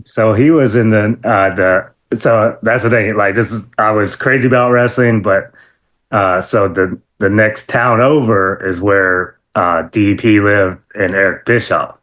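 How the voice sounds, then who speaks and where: A man guest in an interview, telling stories in a casual, lively way, laughing often and full of fillers and restarts. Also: measured pace. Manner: animated, acts out quotes in a high excited voice. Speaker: interview guest, former wrestler.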